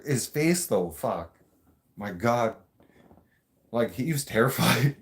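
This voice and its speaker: A man's voice: fairly low pitch, expressive, takes it slowly, pauses often. A man hosting a podcast, telling stories casually in a blunt, profane way and laughing often. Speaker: podcast host. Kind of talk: casual storytelling.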